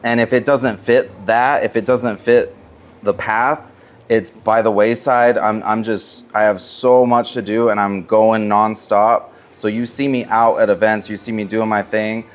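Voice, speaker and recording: A man's voice: lowish voice, flat delivery, measured pace, smooth. A man appearing as a musician guest on a talk show, telling his story in an earnest, heartfelt, emotional way. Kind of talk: casual interview conversation.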